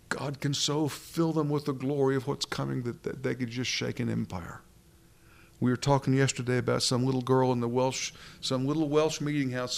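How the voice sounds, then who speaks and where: A man preaching a sermon with a gravelly edge to his voice. He speaks earnestly and with emphasis, pressing his points home with rhetorical questions as he reads through scripture. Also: medium pitch.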